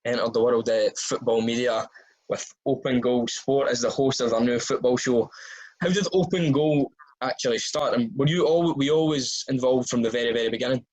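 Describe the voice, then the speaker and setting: A man interviewing a guest in a relaxed, easygoing way. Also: mid-range voice, normal speed, low-quality recording. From Scotland. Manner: relaxed, laughs easily. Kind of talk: casual interview.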